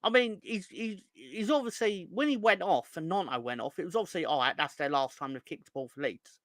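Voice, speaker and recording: A man's voice: on the high side, expressive, a little fast, fairly bright tone, dry recording, studio quality. Exasperated young man ranting. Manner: exasperated, sweary, rising into angry outbursts. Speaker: fan channel host. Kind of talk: ranting live stream chat.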